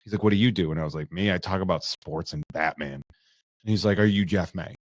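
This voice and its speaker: Low-voiced man telling a story. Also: fairly quick, dry recording. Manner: profane, animated storyteller. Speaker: podcast co-host. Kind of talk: casual podcast chat.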